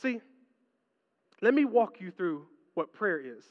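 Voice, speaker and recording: A male pastor preaching a sermon in a large hall, telling stories animatedly and swinging from hushed tones to excited ones. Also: sits high, slow. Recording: reverberant hall, dull lo-fi sound.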